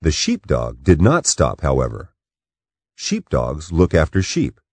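Slow, deep-voiced male storyteller. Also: huge pitch swings, slightly rough, no echo. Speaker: narrator. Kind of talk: audiobook narration.

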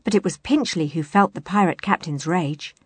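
A woman narrating a children's storybook aloud in an expressive, animated way. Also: fairly low pitch, normal speed, husky, no echo.

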